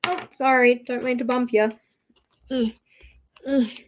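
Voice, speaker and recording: A woman's voice: high voice, lively intonation, a little slow, long pauses, background noise. A young woman hosting a journaling livestream, chatting casually and poking fun at herself as she works. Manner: chatty, self-mocking, talks to herself while working. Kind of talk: casual chat while crafting.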